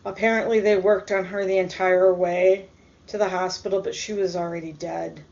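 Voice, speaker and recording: A woman telling a personal story in a casual, hesitant way, with many pauses and ums. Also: mid-range voice, flat delivery, gravelly, a little mellow. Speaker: storyteller vlogger. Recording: dull lo-fi recording.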